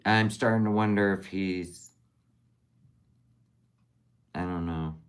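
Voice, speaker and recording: Slow, low-voiced woman in tender chat. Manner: tender, rambling, openly emotional; unhurried, trailing off mid-sentence. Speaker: livestream host. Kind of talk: casual livestream chat.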